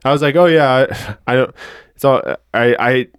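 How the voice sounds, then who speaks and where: A man's voice: medium pitch, moderate pace, smooth, no room sound, clean studio sound. A man co-hosting a podcast, chatting casually and telling a rambling story full of swearing, acting out the people in it. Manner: rambling storyteller, swears a lot, acts out the people in his stories. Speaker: podcast co-host. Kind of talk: casual chat.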